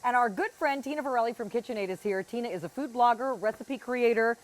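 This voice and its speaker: A woman's voice: on the high side, quick pace. A woman hosting a live home shopping show, chatty and talking while tasting food. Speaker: shopping channel host. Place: TV studio kitchen set.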